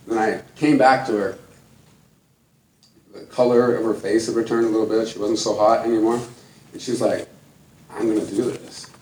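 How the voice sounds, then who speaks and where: A man's voice: lowish voice, fairly even intonation, normal speed, pauses often, darkish tone, slight background noise. Folksy man speaking from far off. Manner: earnest, folksy, laughs between points. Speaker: conservation speaker. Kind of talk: storytelling talk to an audience. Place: large room before an audience. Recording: echoey hall, mic from far off.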